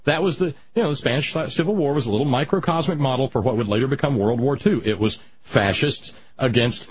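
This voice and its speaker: Male radio host, husky, halting and rambling, muffled lo-fi sound. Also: mid-range voice. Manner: rambling, halting, reads chat comments. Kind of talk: casual political talk.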